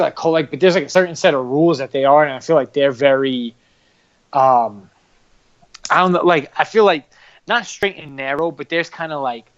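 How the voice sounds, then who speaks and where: A man chatting casually on a podcast, halting and repeating his words as he talks. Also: fairly high pitch, muffled recording.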